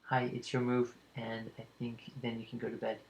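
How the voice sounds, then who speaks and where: Man, game master, unhurried scene narration, frequent ums, mid-pitched voice. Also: monotone, gravelly, dull audio, slight background noise.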